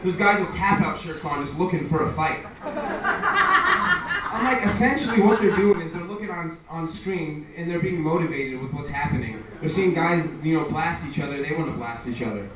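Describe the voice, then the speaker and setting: Heard over a noisy crowd, a young comedian with a voice on the high side speaks fairly quickly with few pauses. His stand-up set at a live comedy venue is conversational, full of acted-out voices from his stories, and recorded from a distance in an echoey room.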